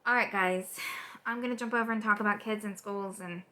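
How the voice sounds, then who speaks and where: A woman political vlogger in an unscripted, angry rant, exasperated and swearing, with rapid repetitions and restarts. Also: medium pitch, fairly even intonation, sharp tone.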